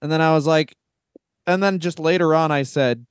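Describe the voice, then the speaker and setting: A man's voice: a little high, moderate pace, smooth, no echo, clean studio sound. A middle-aged man, a comedian co-hosting a podcast, rambling and restarting his sentences in casual chat.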